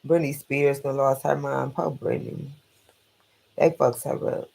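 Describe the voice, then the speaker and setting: Gravelly, profane late-night live host. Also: male voice, medium pitch, flat delivery, a little slow, darkish tone. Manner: blunt, profane, rambling and opinionated.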